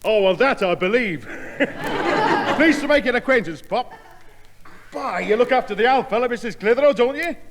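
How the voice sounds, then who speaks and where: A brash joker neighbour. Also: male voice, extremely high pitch, lively intonation, moderate pace, pauses often, big-room sound, heavy background noise. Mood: jovial. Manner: loud, overfamiliar, laughs at his own jokes. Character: brash, joke-cracking middle-aged neighbour. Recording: old broadcast with studio audience laughter.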